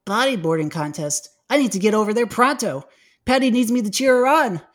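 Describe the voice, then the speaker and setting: An excitable cartoon boy hero with a high, strained voice, as a man puts him on. He pushes his lines up loud and bright with a wide, lively swing. It sounds like a storybook reading of a cartoon. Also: a little fast. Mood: anxious, earnest.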